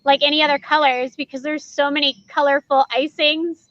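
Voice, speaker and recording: A woman who performs as a party character, telling stories in a casual interview in an animated way, acting out the dialogue and laughing often. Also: high-pitched, a little fast, no room sound. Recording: dull lo-fi dry sound.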